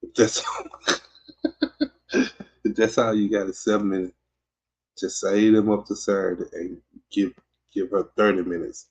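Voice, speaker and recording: This man, a Southern-accented podcast host from Mississippi, keeps his livestream chat casual, rambling and teasing with lots of fillers and false starts. His fairly low voice barely shifts in pitch, has a darkish, breathy tone, and moves at a measured pace with frequent pauses. The recording is dull and lo-fi.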